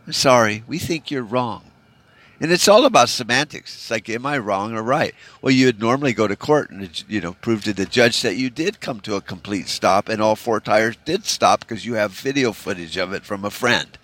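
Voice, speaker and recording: Low-voiced man ranting on a podcast. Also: expressive, brisk, hardly any pauses, a bit bright, no room sound. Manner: rambling, profane, frequent "you know" fillers; discouraged, bitter tone. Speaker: podcast host. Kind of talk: solo podcast rant.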